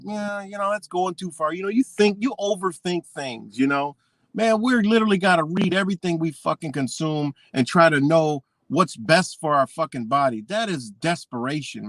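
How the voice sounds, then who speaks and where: A man's voice: on the high side, fairly bright tone, no echo. A man ranting on a live stream, rambling and swearing freely as he talks. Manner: profane, rambling, heated. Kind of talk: casual live-stream rant.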